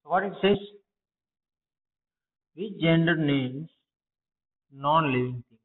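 A man's voice: fairly high pitch, takes it slowly. Indian english guy teaching, goes over answers, repeats himself, sounds like on a phone in a big echoey room. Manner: repetitive, asks and answers own questions. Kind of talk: explaining test answers to pupils. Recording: phone-like, long reverb.

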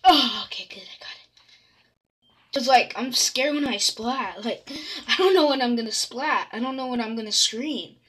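A woman's voice: fairly high pitch, normal speed, a bit bright, slightly rough. A woman talking casually over her own gameplay, chatty, dropping into whispers and breaking into panicked squeals. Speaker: gaming channel host.

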